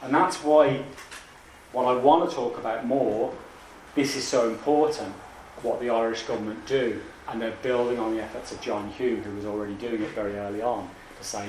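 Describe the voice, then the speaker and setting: A man's voice: mid-range voice, fairly even intonation, darkish tone, echoey room, distant mic, slight background noise, poor audio. Man lecturing with many restarts. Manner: halting, many restarts and asides. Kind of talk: academic lecture.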